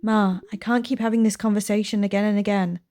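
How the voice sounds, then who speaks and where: A woman's voice: mid-range voice, steady tone, fast talker, dark tone, close to an everyday voice. A woman voicing a young single mother, pleading and defensive, as she reads game dialogue aloud. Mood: strained.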